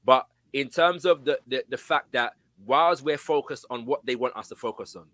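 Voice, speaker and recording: A man hosting a political discussion, speaking in halting, repeated starts and affirming the others. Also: medium pitch, pushed and bright, dry recording. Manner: affirming, halting, restarts often.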